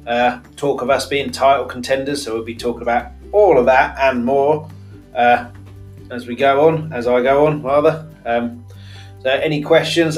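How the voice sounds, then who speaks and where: A man's voice: mid-range voice, rough recording. A man hosting a solo football podcast, chatting casually with lots of fillers and self-corrections. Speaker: podcast host.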